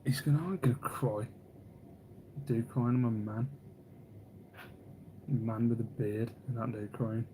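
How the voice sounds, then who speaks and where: A man's voice: medium pitch, fairly even intonation, a little slow, pauses often, mellow. A man hosts a casual live stream in a middle-range voice. He rambles from one thought to the next, teases his viewers and reads their comments aloud. There is faint background noise. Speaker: livestream host.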